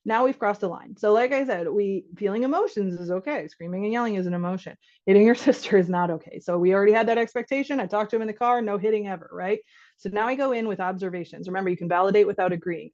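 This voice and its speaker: A woman's voice: medium pitch, fast talker, a little mellow. Woman, doctor, workshop talk, conversational, acts out dialogues, slightly dull recording. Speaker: physician giving a caregiver workshop.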